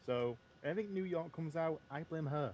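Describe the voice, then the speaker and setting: A man's voice: a little high, normal speed, dull audio, crowd noise. A man in casual podcast banter, dry and a little defensive, heard over a noisy line with clicks. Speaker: podcast panelist.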